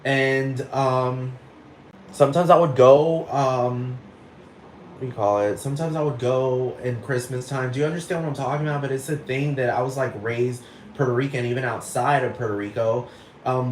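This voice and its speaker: Solo podcast man from Texas, rambling and foul-mouthed, mid-pitched voice, roomy echo with a faint hiss. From Texas, United States. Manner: rambling, profane, keeps asking if you follow. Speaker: podcast host. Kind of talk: casual monologue rant. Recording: echoey room with faint noise.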